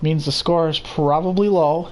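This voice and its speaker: A young man calling a baseball game play by play, steady and unhurried, with casual asides. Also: fairly high pitch, slight background noise. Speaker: play-by-play commentator. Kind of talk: simulated baseball commentary.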